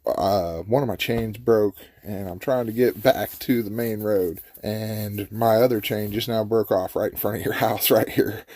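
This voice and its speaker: A man's voice: fairly low pitch, fairly even intonation, unhurried, hardly any pauses, darkish tone. A man playing a stuck ambulance driver who laughs off his offer of help, in a laid-back, dismissive way. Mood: explaining. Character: doubting, chuckling male ambulance driver.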